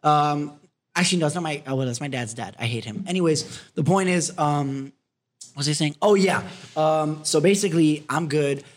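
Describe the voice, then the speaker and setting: A man in his twenties, co-hosting a podcast in casual chat, rambling and playful with lots of shout-outs. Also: a little high, brisk. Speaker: podcast co-host.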